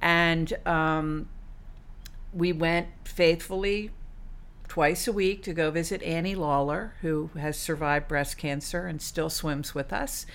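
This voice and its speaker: A woman's voice: low-pitched, steady tone, takes it slowly. A middle-aged woman, a guest on an interview show, telling her story casually with lots of fillers and acting out what she thought at the time. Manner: chatty, many fillers, acts out her own past thoughts. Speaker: guest, cancer survivor and swimmer.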